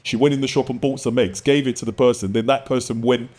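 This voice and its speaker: A man hosts a casual political podcast. His voice sits at a middling pitch. He talks bluntly and emphatically, swearing freely. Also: steady tone, fast, a little mellow. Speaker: podcast host.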